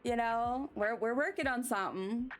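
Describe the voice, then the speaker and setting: A young American woman talks to her stream chat in a loose, rambling way, often laughing at herself as she reads comments. Her voice sits a little high. Quiet background music plays under her. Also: moderate pace. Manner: chatty, rambling, self-mocking, reacts to chat. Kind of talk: casual live-stream chat reading comments. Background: faint background music.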